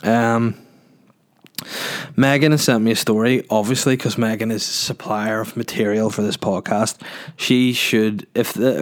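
A man hosting a solo podcast in a rambling, jokey, sweary casual chat. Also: lowish voice. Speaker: podcast host.

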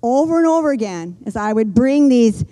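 An older woman delivers a sermon in an earnest, gentle way. Her voice sits slightly high but sounds mellow and warm. She slows down and pauses to let key lines land. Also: expressive, low-quality recording. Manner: earnest, gentle preaching with slow emphatic pauses. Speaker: pastor.

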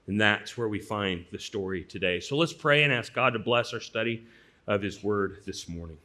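A pastor from St. Louis in the US Midwest preaches an earnest sermon, telling stories conversationally and swinging between loud and hushed. His voice is fairly low with lively intonation, at normal speed.

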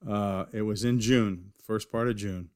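A man from California sits for a casual interview and tells long stories about his start as a knifemaker. His voice sits low and sounds dry and close. He rambles, circles back and restarts his sentences often. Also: steady tone, a little slow, a little mellow, dry recording. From California, USA. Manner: rambling, with many restarts and fillers. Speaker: knifemaker guest.

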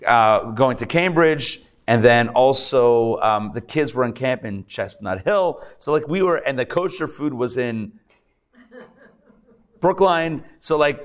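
A rabbi leads a live class in a mid-range male voice, his talk chatty and peppered with jokes, fillers and restarts.

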